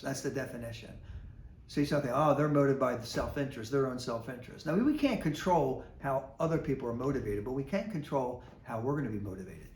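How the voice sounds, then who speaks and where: A middle-aged man, a parish priest, giving a casual, conversational reflection with lots of fillers and asides. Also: medium pitch. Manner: folksy and conversational, with many fillers. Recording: echoey room with faint noise.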